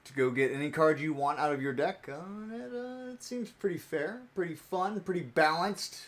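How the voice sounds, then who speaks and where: A young man with a fairly high voice chats casually on a stream while he opens trading cards. He rambles in a playful way and laughs often. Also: lively intonation, moderate pace, a bit bright. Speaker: card-opening streamer.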